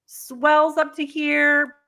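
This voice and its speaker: A middle-aged woman co-hosting a podcast, telling wild travel stories with lively energy and frequent swearing, acting out voices as she goes. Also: sits high, drawn-out words, creaky. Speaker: podcast co-host. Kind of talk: animated storytelling.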